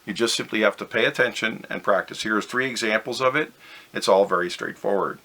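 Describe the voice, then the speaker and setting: Bright-voiced man teaching physics. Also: lowish voice, brisk, gravelly. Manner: methodical, step-by-step, stresses key words. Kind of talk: recorded lesson explaining over slides.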